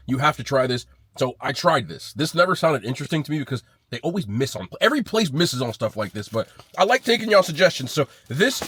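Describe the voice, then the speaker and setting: A man's voice: medium pitch, a bit bright, no room sound. Blunt man reviewing food. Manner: blunt, swears casually, rates food out of ten. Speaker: food vlogger. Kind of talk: casual food review vlog.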